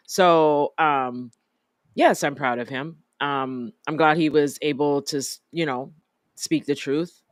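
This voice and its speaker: A man's voice: on the high side, takes it slowly, dry recording, studio quality. A man co-hosting a podcast, making his point emphatically and repeating phrases. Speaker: podcast co-host. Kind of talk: casual opinionated chat.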